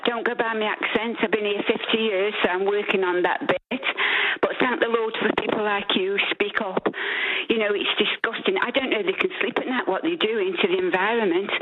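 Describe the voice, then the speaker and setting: A woman's voice: medium pitch, moderate pace. An older woman with an Italian accent, calling in to talkback radio, indignant and passionate. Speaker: caller. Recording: tinny phone line.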